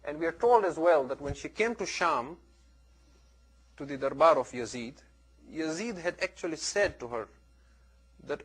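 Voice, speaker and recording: A man giving a religious lecture, telling stories in an earnest, animated way with big swings between loud and soft. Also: fairly high pitch, moderate pace, pauses often, husky. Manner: earnest, animated storytelling with wide swings in loudness. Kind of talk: sermon with storytelling.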